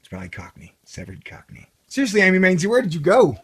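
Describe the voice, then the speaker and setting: A man's voice: high-pitched, huge pitch swings, rapid-fire, slightly rough. A man hosting a casual commentary video, reading an article aloud with sarcastic, rambling, jokey asides. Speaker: video host.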